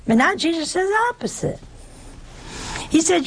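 A woman's voice: high-pitched, big pitch swings, moderate pace, creaky, long pauses. An older woman giving a conversational sermon, emphatic and full of rhetorical questions. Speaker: preacher.

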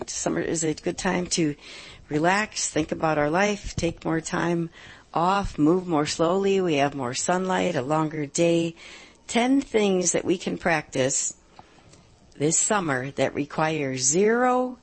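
Hosting a live call-in advice show on the radio, a middle-aged woman sounds upbeat and emphatic, slowing down to drive home key points. Her voice is deep and husky.

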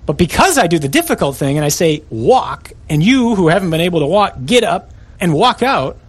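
A man's voice: sits high, very animated, a little fast, husky. A man preaching a sermon, emphatic and pressing his listeners with rhetorical questions.

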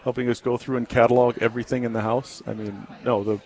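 A man guesting on a talk radio interview, speaking earnestly and haltingly with many ums and restarts. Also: medium pitch, level tone, darkish tone. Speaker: guest, ministry founder.

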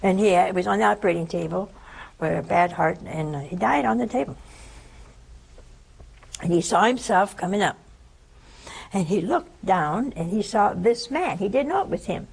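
An older woman gives a spiritual talk in a gravelly, husky voice. She tells a story with lively turns and acts out the voices of the people in it. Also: medium pitch, moderate pace, pauses often, low-quality recording. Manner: storytelling, animated in quoted speech. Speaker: religious teacher.

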